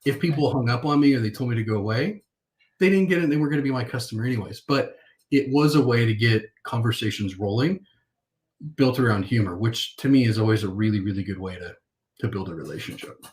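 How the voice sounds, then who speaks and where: A man as a podcast guest, telling stories in a playful, animated way in a casual interview. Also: mid-range voice, fast talker. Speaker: podcast guest, marketing consultant.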